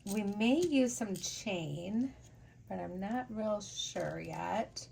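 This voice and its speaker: Slow-talking, gushing crafting host woman. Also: medium pitch, creaky, slight background noise. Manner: gushing, excitable, chatty with frequent gasps. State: teary and sniffly after sneezing. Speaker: jewelry-making channel host. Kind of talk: casual unboxing and crafting vlog.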